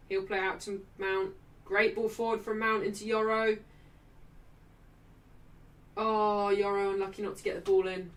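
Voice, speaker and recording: A young woman hosting a live football watchalong, excitably reacting to play and reading out viewers' chat messages. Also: medium pitch, distant mic.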